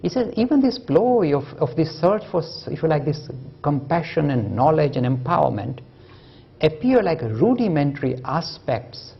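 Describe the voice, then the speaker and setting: A man's voice: a little high, very animated, moderate pace, vocal fry, breathy edge, highs cut off. A man giving a public lecture, storytelling with humor and emphatic delivery.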